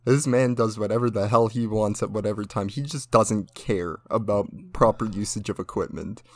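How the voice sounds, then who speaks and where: A man's voice: on the low side, normal speed, a little mellow. A young man in casual chat, ranting with lots of swearing as he tells stories about his parents. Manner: ranting, profane, storytelling.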